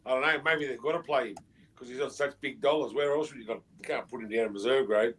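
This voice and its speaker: A man co-hosting a sports fan podcast, laid-back and hesitant, often pausing with ums. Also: mid-range voice, fairly bright tone, poor audio. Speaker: podcast co-host. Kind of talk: casual fan panel chat.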